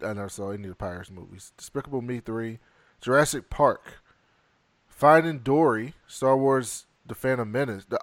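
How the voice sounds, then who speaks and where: A man co-hosting a casual movie review chat, reading off a list and adding quick casual opinions. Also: medium pitch, no room sound. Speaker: podcast co-host.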